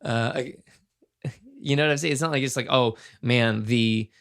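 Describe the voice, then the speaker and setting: A man in his thirties talks alone on his own podcast, his voice gravelly and full of fry. He speaks earnestly and with passion, circling back and restarting as he works through his thoughts. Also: mid-range voice, a little fast, fairly bright tone. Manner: earnest and impassioned, thinking aloud with restarts. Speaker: podcast host. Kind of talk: casual solo podcast commentary.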